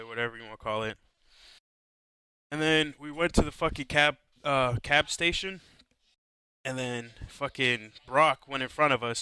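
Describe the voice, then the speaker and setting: Young us guy swearing his way thru a story, bright clean voice, dry close mic. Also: medium pitch, smooth, no room sound. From United States. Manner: profane, rambling storytelling full of "like". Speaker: podcast co-host. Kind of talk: casual podcast chat.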